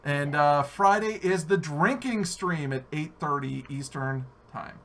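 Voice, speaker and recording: An American man hosting a live-stream podcast, animated and jokey, swearing freely. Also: on the high side, unhurried. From United States. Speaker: podcast host. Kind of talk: casual live-stream chat.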